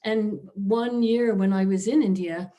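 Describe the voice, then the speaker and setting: A woman's voice: medium pitch, fairly even intonation, measured pace, mellow. A woman professor giving a conversational philosophy lecture over a video call, often adding asides to the audience. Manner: informal, frequent "you know" and "right?" asides.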